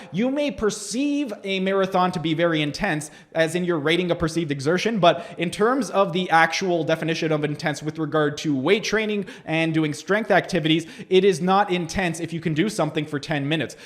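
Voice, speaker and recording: A man who works as a health coach, breaking down workout clips in a critical review with a sarcastic, lecturing manner. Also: high-pitched. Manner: sarcastic, lecturing, explaining definitions. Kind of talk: critical video review commentary.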